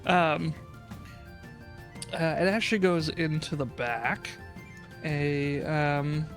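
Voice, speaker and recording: A woman narrating as game master of a tabletop game, giggly and halting, with many fillers. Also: low-pitched, steady tone, soft background music.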